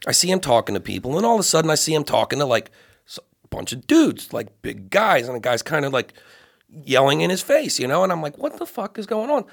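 Man, guest comedian, storytelling, slightly high voice, lively swooping pitch. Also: quick pace, vocal fry. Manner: animated, acts out voices in his stories. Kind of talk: storytelling on a podcast.

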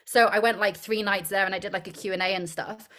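A woman's voice: mid-range voice, fairly even intonation, quick pace, sharp tone. A young woman, an actress being interviewed, chatting casually, rambling and giggling often. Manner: giggly, rambling, self-deprecating.

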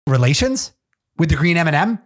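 A man's voice: fairly high pitch, very animated, unhurried. A man doing a joking impression of a male TV news pundit, copying only his tempo in his own voice. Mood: mock-earnest.

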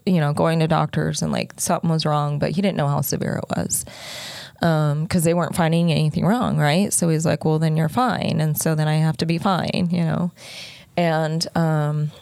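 Woman, low voice, gravelly fry, halting and earnest, many restarts, dry close recording. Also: flat delivery, darkish tone, no room sound. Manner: earnest, unguarded, close to tears. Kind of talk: emotional personal storytelling.

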